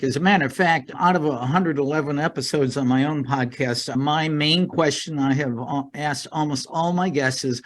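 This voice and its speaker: A middle-aged man guesting on a podcast, talking earnestly with many fillers and repeated words. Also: fairly high pitch. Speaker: podcast guest, life coach. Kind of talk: casual interview talk.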